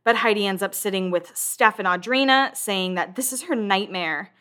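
A woman's voice: medium pitch, normal speed, pushed and bright. A woman hosting a podcast, chatting casually and acting out quotes as she recaps a reality show. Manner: chatty, swearing, acts out quotes. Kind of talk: casual chat.

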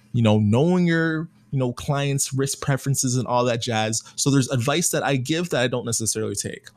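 A young man hosting a podcast in a casual, joking monologue, full of slang and animated storytelling. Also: mid-range voice, dry recording. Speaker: podcast host.

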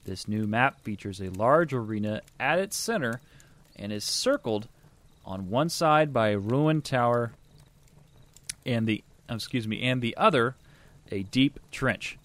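A man's voice: mid-range voice, expressive, a little slow, fairly bright tone. A man co-hosting a casual gaming podcast, chatty and upbeat as he reads out game news. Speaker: podcast co-host.

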